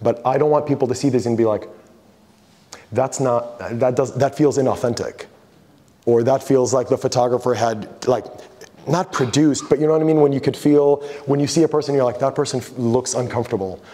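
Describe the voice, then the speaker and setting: A man giving a casual artist talk as a photographer, telling a story with lively quoted voices and frank swearing. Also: mid-range voice, fairly quick.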